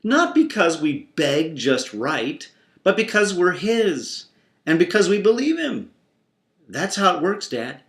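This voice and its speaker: A man voicing his young daughter calmly explaining something to her father. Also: high voice, takes it slowly, reverberant, exaggerated voice.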